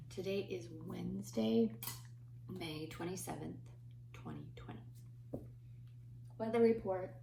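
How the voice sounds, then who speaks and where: A woman teaching her kindergarten class remotely, with gentle sing-song talk aimed at small children. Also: mid-range voice, creaky, roomy sound, recorded from a distance, noisy background.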